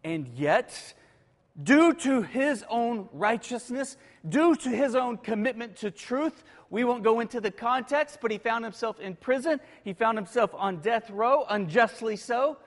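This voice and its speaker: A man preaching a sermon, moving between hushed, quiet passages and emphatic, rising declarations. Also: very high voice, animated, measured pace. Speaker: pastor. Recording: long reverb of a large hall.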